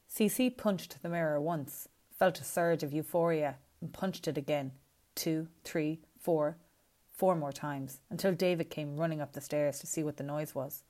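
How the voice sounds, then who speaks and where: A woman reading a story as scripted narration, in a measured, even way. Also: low voice. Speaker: audiobook reader.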